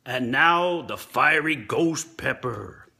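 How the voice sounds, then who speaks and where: A man casually reviewing fast food on camera, tasting and commenting between bites. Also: medium pitch, animated, vocal fry, pushed and bright, breathy edge.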